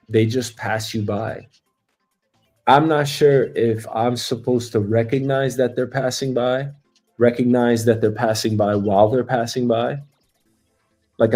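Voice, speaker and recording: Rambling, reflective man with a mellow voice. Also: mid-range voice. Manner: reflective, profane, rambling with many fillers. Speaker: show host. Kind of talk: casual rambling monologue.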